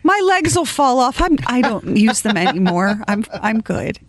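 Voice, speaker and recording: A woman's voice: on the high side, very animated, no echo. A woman voicing a self-sacrificing older mother who meekly insists she needs nothing. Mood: martyred. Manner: meek, self-effacing, slow and drawn out.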